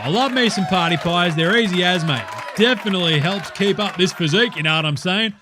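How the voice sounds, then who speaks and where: A man playing a brash Aussie cooking-show host. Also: high-pitched. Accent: Australian. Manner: larrikin, boastful, rowdy banter. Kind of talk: comic skit with live studio audience. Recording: loud studio audience and noise behind. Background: crowd cheering.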